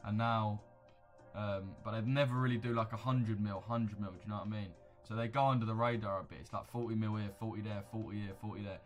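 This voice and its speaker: A man's voice: lowish voice, steady tone, fast, soft background music. A young man, chatting casually on a livestream and answering viewers with blunt, slangy banter. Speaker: livestream host. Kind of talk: casual livestream chat reacting to viewer comments.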